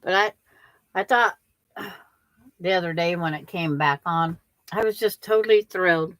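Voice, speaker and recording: Older woman, livestream host, chatty and rambling; slow pace, somewhat low pitch. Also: fairly bright tone, no echo. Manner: chatty, rambling, restarts sentences. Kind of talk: casual livestream chat with viewers.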